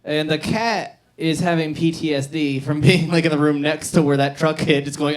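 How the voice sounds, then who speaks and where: A man's voice: on the high side, fairly even intonation, moderate pace, few pauses. A man telling a rambling stand-up story, full of fillers, on a bar stage. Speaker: stand-up comedian. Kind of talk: stand-up comedy set. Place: comedy bar stage, live audience.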